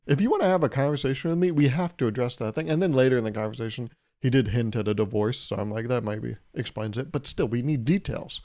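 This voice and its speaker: A man hosting his own podcast, telling comedic stories with lots of swearing and acting out both sides of conversations. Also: mid-range voice. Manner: animated, profane, acts out both sides of conversations. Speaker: podcast host. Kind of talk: comedic solo podcast storytelling.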